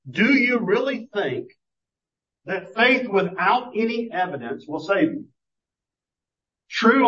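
A man's voice: high voice, fairly bright tone, husky. A man preaching a sermon, telling stories in a conversational way and often restarting his sentences. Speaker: pastor. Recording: muffled lo-fi sermon recording.

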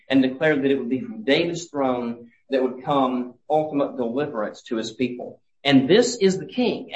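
A man's voice: medium pitch, highs cut off. A man preaching a sermon in an earnest way, often restarting his phrases as he goes. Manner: earnest, halting with frequent restarts. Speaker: pastor.

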